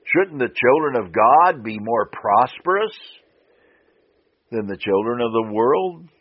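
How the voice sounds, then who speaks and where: A man preaching a sermon on the radio, slow and deliberate, repeating key phrases for emphasis. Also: mid-range voice, lively intonation. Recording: dull lo-fi radio broadcast.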